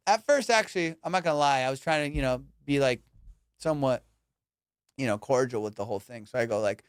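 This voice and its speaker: Animated storytelling young man, crisp dry sound. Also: sits high, moderate pace, long pauses, no room sound. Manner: animated, slangy, acts out voices and laughs often. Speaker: comedian podcast host. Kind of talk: storytelling comedy monologue.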